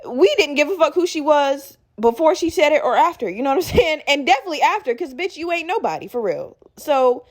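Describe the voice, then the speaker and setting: A woman hosting her own podcast, telling a story in a profane, animated way and laughing as she talks. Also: high-pitched, fairly quick, few pauses. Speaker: podcast host.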